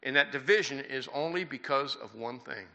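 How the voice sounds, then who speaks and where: A man's voice: mid-range voice, moderate pace, vocal fry, sharp tone. An older man in his sixties preaching a sermon in church, folksy and conversational, with rhetorical questions to the congregation. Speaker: pastor.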